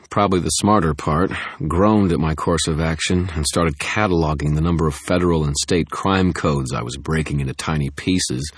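A man's voice: a bass voice, husky, dry recording. A man narrating an audiobook in the first person, with wry, tense storytelling into a close microphone.

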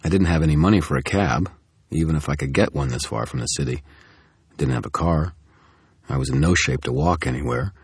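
A man giving steady, grim first-person audiobook narration. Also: rumbling low, fairly quick, slightly rough, dry recording, clean studio sound.

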